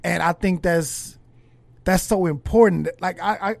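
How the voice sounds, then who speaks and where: A man's voice: high-pitched, vocal fry, darkish tone, no echo. A man hosting a podcast who speaks casually and reflectively, often restarting his sentences. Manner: reflective, halting, with many restarts. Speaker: podcast host. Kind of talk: casual conversation.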